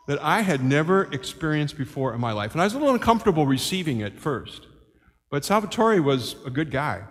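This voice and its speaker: A man in his sixties, a priest preaching a homily as a lively story and acting out the voices of the people in it. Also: on the high side, normal speed, in a large hall. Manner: animated, acts out quoted voices. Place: church.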